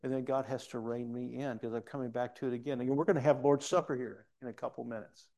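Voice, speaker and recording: A man's voice: medium pitch, fairly even intonation, quick pace, a little mellow. A male pastor preaching a sermon in a church, telling a story earnestly with frequent restarts.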